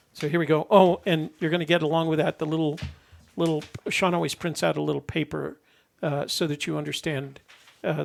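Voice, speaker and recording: A man's voice: a little high, vocal fry. A man in his seventies, co-hosting a live stream, rambling and correcting himself as he tells stories and laughs at himself. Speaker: co-host. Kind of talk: casual live-stream chat.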